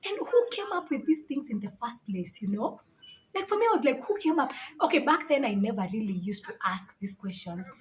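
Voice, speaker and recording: Animated young woman vlogger, high voice. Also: fairly quick, slight background noise. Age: 20s. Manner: animated, laughing, exclaiming in disbelief. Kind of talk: casual storytelling to camera.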